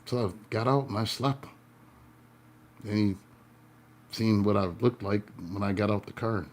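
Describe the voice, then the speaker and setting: With a lowish voice at normal speed, this tarot reader and life coach playfully recounts a story to viewers. He laughs a lot and shifts back and forth between loud and hushed.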